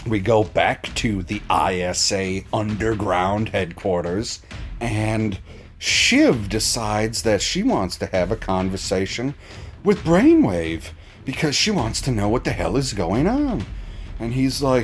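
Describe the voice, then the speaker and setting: A man's voice: fairly low pitch, very animated, takes it slowly, a little hiss or hum. A man giving a casual, profane and mocking recap of a TV episode as a reaction reviewer.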